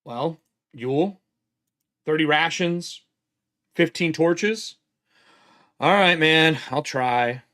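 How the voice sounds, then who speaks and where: A man's voice: fairly high pitch, slow pace, long pauses, pushed and bright. A man playing a tabletop game solo, narrating casually and thinking aloud as he counts supplies and swears freely.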